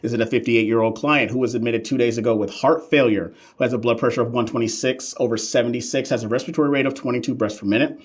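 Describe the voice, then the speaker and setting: A man's voice: medium pitch, steady tone, quick pace, slightly rough. Sassy, playful male nursing tutor. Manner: sassy, playful, talks back to chat; slang-heavy, emphatic repetition. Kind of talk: live-stream teaching, chatting with viewers.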